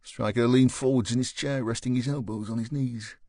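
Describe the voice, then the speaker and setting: Man reading a thriller audiobook, mid pitch, steady and even, dry close mic. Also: fairly quick, no room sound. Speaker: audiobook narrator. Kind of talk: scripted narration.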